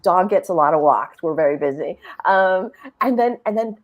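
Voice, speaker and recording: A middle-aged woman on a podcast panel, candidly telling a personal story in a lively, conversational way, acting out her own inner dialogue. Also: lowish voice, normal speed, narrow, tinny audio. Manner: animated and conversational, with frequent restarts, laughs and quoted inner dialogue.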